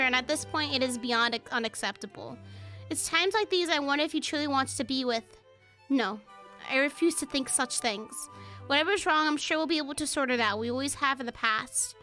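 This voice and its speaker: A woman streamer reads a dating game's narration aloud in a measured tone, dropping profane asides between passages. Her voice is high and bright. Faint game music plays behind her. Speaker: gaming streamer. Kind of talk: reading a game aloud with reactions.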